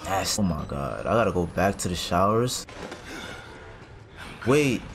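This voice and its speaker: A gaming streamer with a low, very animated voice talks at a measured pace through his horror game playthrough. He panics and reacts in casual slang as game music plays behind him in this let's play commentary.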